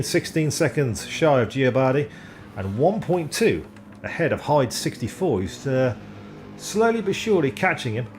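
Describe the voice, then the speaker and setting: A man giving live sim racing commentary, excitable and self-deprecating, often stumbling over driver names. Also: medium pitch, slight background noise.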